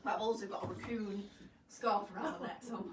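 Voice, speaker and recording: A chatty woman hosts a live fashion vlog from a shop studio, joking and poking fun at herself as she shows off clothes. Her voice sits at a middle pitch. It is picked up from a distance in a roomy space, with a faint hum underneath. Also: steady tone, a little fast. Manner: chatty, jokey and self-mocking.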